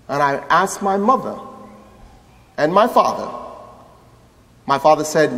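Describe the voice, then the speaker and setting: A man, an imam, telling his story in a lively religious lecture and acting out the voices of people he quotes. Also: a little high, unhurried, pauses often. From United States. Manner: animated, acts out quoted voices. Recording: echoey hall with long reverb.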